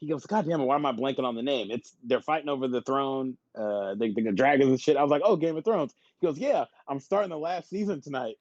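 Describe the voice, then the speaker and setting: A man co-hosting a podcast, telling animated stories in casual, profane chat. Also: mid-range voice, fast, hardly any pauses, no room sound, lo-fi sound. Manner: animated storytelling with laughs and profanity. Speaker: podcast co-host.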